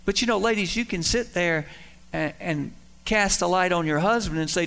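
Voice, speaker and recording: A middle-aged man preaching a sermon, telling folksy, self-deprecating stories with emphatic swings in loudness. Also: high-pitched, normal speed, vocal fry. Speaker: pastor. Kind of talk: sermon with storytelling.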